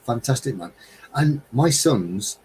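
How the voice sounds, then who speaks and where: A man's voice: medium pitch, animated, takes it slowly, a little mellow, slight background noise, low-quality recording. A middle-aged man from England hosting a live stream, musing in a heartfelt, rambling, wistful way. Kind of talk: reflective casual monologue.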